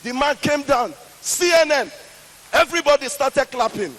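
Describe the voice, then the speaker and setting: A man from Nigeria with a Nigerian accent doing stand-up comedy, telling stories with an emphatic, drawn-out delivery. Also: very high voice, expressive, a bit bright. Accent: Nigerian English. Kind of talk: stand-up storytelling. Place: large hall with a live audience. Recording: long hall reverb.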